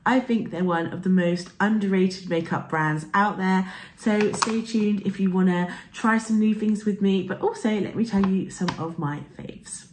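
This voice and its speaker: A young woman talks her viewers through a makeup routine in a casual vlogger chat. Her voice still has some morning roughness. She speaks in a friendly, rambling way with frequent fillers and asides. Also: medium pitch, moderate pace, darkish tone, a little hiss or hum. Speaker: beauty vlogger.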